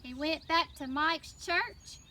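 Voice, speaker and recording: A woman with a Southern US accent telling a children's story in church, animated and prompting the kids to answer. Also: high-pitched, slow pace. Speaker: children's mission teacher. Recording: distant mic with faint noise.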